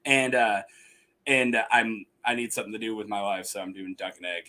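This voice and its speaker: A man's voice: on the low side, brisk, bright, forceful tone. A young man hosting a casual podcast chat, rambling and laughing often as he mimics voices. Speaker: podcast host.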